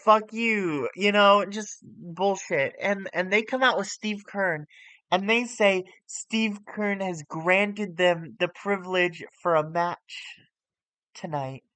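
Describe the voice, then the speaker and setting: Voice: medium pitch, slow, a bit bright, dry recording. A streamer giving casual, rambling commentary with self-corrections while playing a wrestling management game on a close mic.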